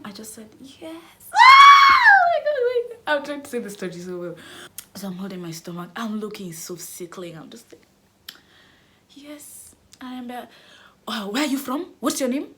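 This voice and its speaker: A young woman vlogger telling a dramatic storytime, squealing into high cries as she acts out her panic. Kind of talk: animated storytime.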